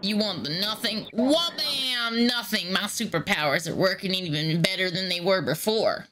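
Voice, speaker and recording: A woman scambaiter playing dumb on a prank call, rambling goofily and shouting silly sound effects. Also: mid-range voice, moderate pace, a little hiss or hum.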